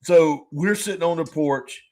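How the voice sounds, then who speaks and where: A man co-hosting a podcast in casual chat, rambling and halting, full of restarts and swearing. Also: a little high, a little mellow. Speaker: podcast co-host.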